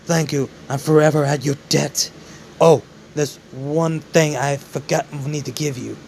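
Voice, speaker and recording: A man voicing a grateful adult hero who speaks quietly and thankfully, for a fan-made story. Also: a little high, steady tone, a little slow, gravelly, slight background noise.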